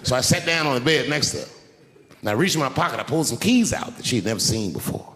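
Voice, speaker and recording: A middle-aged man doing a stand-up routine, telling stories animatedly and shouting punchlines. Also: mid-range voice, sing-song, a little fast, creaky, breathy edge. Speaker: stand-up comedian. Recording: live hall reverb, faint background noise.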